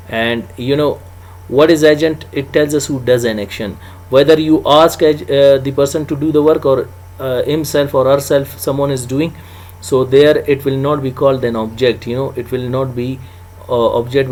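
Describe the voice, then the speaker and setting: A man's voice: mid-range voice, a little mellow, low-quality recording. A man teaching an English grammar lecture, stressing his example sentences and often adding "you know" and "uh". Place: home or small room, recorded alone for video.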